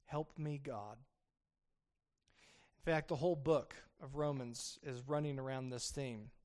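Male pastor, sermon delivery, unhurried and measured, a touch higher-pitched than most men, swings between loud emphasis and hushed lines. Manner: earnest, building to emphatic peaks then dropping soft. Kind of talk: expository sermon.

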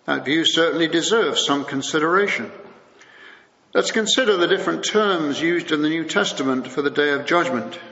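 A man preaching a sermon, his voice a little higher than most men's. He speaks in a measured way and slows down for scripture. The sound is dull and muffled, with a long echo from a large hall. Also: creaky, a bit bright. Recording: muffled recording in a big echoing hall.

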